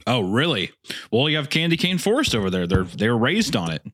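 A man's voice: mid-range voice, big pitch swings, fairly quick, a bit bright, no room sound, studio quality. An American man co-hosting a podcast, teasing and bantering in casual chat. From United States. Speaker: podcast co-host.

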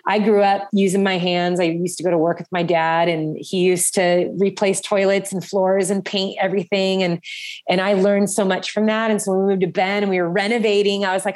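A woman's voice: mid-range voice, flat delivery, normal speed, darkish tone. A woman in her forties, a guest in a casual podcast interview, talking in a heartfelt, emotional way with frequent laughs and restarted phrases.

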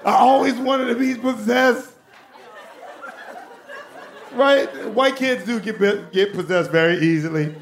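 A young adult man doing stand-up comedy, telling animated, profane stories. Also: very high-pitched, takes it slowly, long pauses, crowd noise, noisy background.

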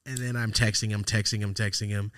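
A man's voice: on the low side, level tone, brisk, a bit bright, smooth, no echo, studio quality. A man hosting a podcast, telling a rambling personal story in casual, profane talk and acting out the texts he quotes. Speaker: podcast host.

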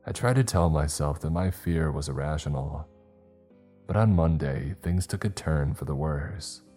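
Very deep-voiced man narrating horror. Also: warm tone, faint music behind. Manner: measured, low-key storytelling. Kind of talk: scripted first-person horror narration.

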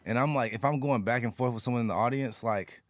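A man's voice: mid-range voice, dry recording. A man who does stand-up tells a story as a podcast guest. He repeats himself and stumbles, bragging with a wink. His voice sounds dry and close. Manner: halting, repeats words, playful bragging. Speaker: comedian guest. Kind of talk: casual storytelling.

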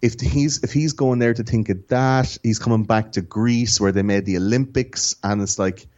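A man's voice: medium pitch, steady tone, normal speed, darkish tone, highs cut off. An Irish man, a podcast guest, chatting casually and telling stories in an enthusiastic, rambling way. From Ireland. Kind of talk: casual chat.

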